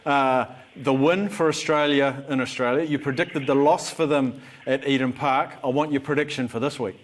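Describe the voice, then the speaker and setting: A man's voice: medium pitch, steady tone, moderate pace. A man co-hosting a sports show, teasing the guest with jokes and laughing easily. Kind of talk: casual sports chat.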